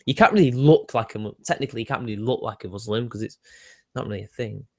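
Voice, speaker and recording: A man's voice: mid-range voice, fast, a little mellow. A young British man with a British accent, hosting a casual livestream and answering chat with sardonic asides and frequent laughs. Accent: British English. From Britain. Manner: chatty, sardonic, laughs often, answers viewer questions. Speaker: livestream host reading chat.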